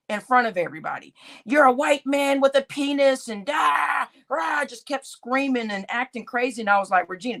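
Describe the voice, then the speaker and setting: A woman's voice: mid-range voice, fairly bright tone. A woman hosting her own channel, telling her viewers a heated story in a casual, profanity-laced rant and talking straight to them. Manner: talks straight to her audience as y'all. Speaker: channel host.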